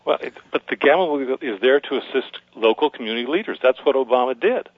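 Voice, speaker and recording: A man's voice: medium pitch, lively intonation, fast talker, no echo, phone-quality sound. A man calling in to a radio show, nervous and hesitant but skeptical. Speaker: caller. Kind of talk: call-in radio talk.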